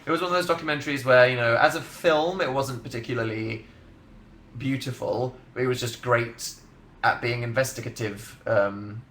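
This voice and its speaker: A man's voice: medium pitch, normal speed, fairly bright tone, echoey room. A young man in his twenties chatting casually on a livestream, rambling and sardonic, laughing often as he reads out comments. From England. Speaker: livestream host. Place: bedroom livestream setup, indoors.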